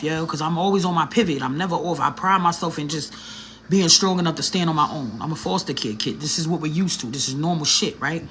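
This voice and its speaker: A woman's voice: low-pitched, a bit bright, a little hiss or hum. A woman telling a personal story in a casual, slangy vlog, talking straight to her viewers with an earnest, emotional edge. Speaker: vlogger.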